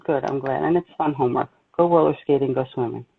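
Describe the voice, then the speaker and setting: A woman's voice: rumbling low, fast talker, creaky, a little hiss or hum. A woman from New Jersey with a Jersey accent, a psychic medium hosting a casual livestream, talking bluntly and telling stories with animation. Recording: tinny phone-like line.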